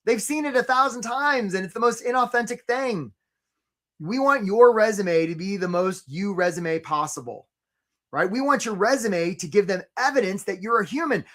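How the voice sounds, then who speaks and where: Energetic man coaching a live webinar. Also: high-pitched, moderate pace. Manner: energetic and joking, breaks into short mocking impressions of job seekers; gives shout-outs to viewers by name.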